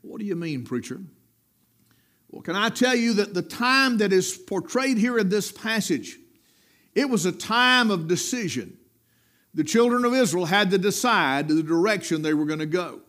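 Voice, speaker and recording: A middle-aged man preaching a sermon, with rising emphatic peaks and low dropped endings. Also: expressive, moderate pace, fairly bright tone.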